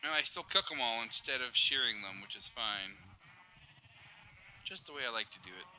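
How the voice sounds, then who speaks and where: A young man with a very bright, ringing voice chats through his gameplay in an easy, casual way. He rambles, corrects himself mid-sentence and speaks straight to his viewers. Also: medium pitch, expressive, normal speed, a little hiss or hum, rough recording. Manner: rambling, self-correcting, talks to viewers directly. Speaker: Minecraft server video host.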